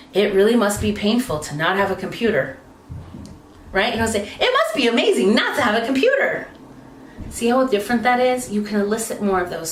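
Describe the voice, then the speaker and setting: A woman teaching speaking skills, demonstrating how her pitch rises and falls as she explains. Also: fairly bright tone, slight background noise. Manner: demonstrates pitch changes, swooping between high and low tones. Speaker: speaking coach. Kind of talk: instructional talk. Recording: roomy, slightly distant mic.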